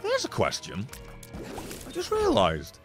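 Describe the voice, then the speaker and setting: A British man streaming a game live, swearing freely, excitable, and effusively thanking his viewers. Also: very high voice, measured pace, music in the background. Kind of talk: live gaming stream commentary.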